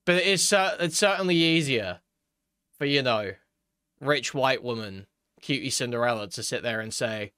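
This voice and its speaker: Guy doing reaction commentary, smooth clear voice, dry close mic, laughs and mocks a lot. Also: medium pitch, expressive, normal speed, sharp tone, no room sound. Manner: mocking, laughing, crude. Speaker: commentary host.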